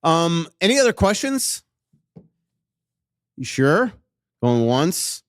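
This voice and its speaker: A man hosting a podcast in front of a live audience, telling animated stories and acting out what people said. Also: a little high, slow pace, clear, resonant tone, no echo, clean studio sound. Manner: animated storyteller, acts out quotes. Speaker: podcast host and hockey writer. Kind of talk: casual chat before a live audience.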